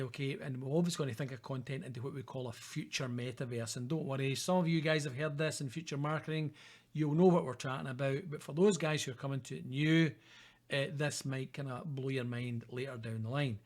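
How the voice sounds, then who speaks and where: A middle-aged Scottish man gives a recorded university lecture in a chatty, informal style, frequently checking in with "okay?" and "guys." His voice is medium in pitch.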